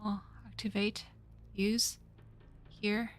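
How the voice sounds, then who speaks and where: Slow-talking exasperated woman streamer. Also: mid-range voice, little pitch movement. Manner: exasperated, shouts at the game. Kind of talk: let's play commentary.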